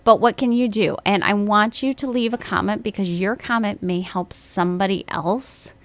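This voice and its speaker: A woman's voice: medium pitch, moderate pace, no room sound. A woman in her thirties, a preschool teacher hosting a parenting podcast, telling stories in a chatty, laughing way. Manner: chatty storytelling with laughs and quoted voices. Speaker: podcast host. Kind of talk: casual parenting podcast talk.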